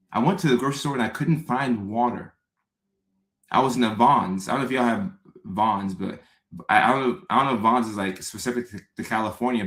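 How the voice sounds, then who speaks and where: A man's voice: medium pitch, fairly bright tone. A man hosting his own show, talking casually to his audience in a rambling way, repeating himself and making self-mocking asides. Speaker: show host. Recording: roomy echoey room.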